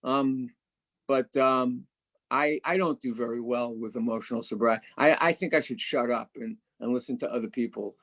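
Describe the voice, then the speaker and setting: A man's voice: mid-range voice, moderate pace, fairly bright tone. Candid self-mocking man sharing. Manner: candid, self-mocking, stammers and repeats words. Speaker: guest speaker. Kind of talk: personal share at a recovery meeting.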